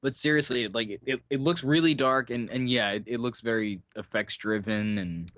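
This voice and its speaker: A man's voice: medium pitch, moderate pace, a bit bright, dry recording. A young man co-hosting a casual podcast, laid-back and laughing often, with some stumbling repetition. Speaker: podcast co-host. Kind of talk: casual chat.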